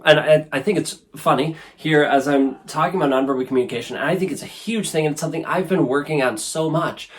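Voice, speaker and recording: A man in his thirties hosting a casual self-help talk to camera, earnest and conversational, often tagging sentences with "right?". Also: medium pitch. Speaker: show host. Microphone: camera facing speaker.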